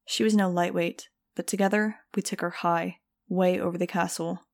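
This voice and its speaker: A woman narrating an audiobook in steady, even storytelling. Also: lowish voice, normal speed, gravelly. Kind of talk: scripted narration.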